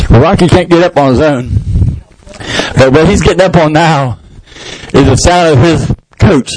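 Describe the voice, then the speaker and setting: Pastor, man, lively church preacher, slightly high voice, dramatizes with sound effects. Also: moderate pace, a little hiss or hum, low-quality recording. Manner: animated storytelling with shouted sound effects. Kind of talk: sermon.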